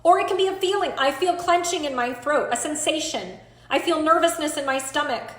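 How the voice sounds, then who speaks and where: A woman's voice: sits high, lively intonation, fairly quick, fairly bright tone, roomy sound. A woman in her thirties leading a live online coaching class, earnest and emphatic as she talks straight to the group.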